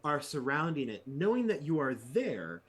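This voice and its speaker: A man's voice: fairly high pitch, very animated, normal speed, husky. Rambling male game master. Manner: rambling, full of fillers. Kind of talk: narrating a tabletop game.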